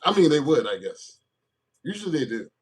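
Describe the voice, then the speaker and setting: A man giving a casual tarot reading, animated and jokey, with crude asides. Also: a little high, a little fast, husky. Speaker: tarot reader.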